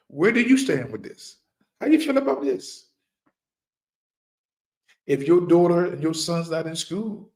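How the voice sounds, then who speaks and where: A man's voice: sits high, a little mellow. A middle-aged man giving an impassioned, preaching monologue as a firearms trainer, repeating key lines for emphasis and firing rhetorical questions at his listeners.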